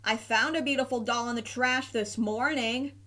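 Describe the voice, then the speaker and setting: Oscar the Grouch, a woman doing a gruff grouch. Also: a little high, fairly even intonation, moderate pace, sharp tone. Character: grumpy trash-can grouch, gruff and rude.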